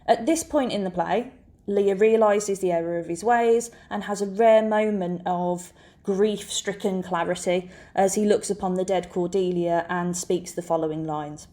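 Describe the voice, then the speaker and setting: A woman narrates a scripted lesson as a teacher. Her voice is mellow and relaxed, set at a middle pitch. She explains in a clear, measured way.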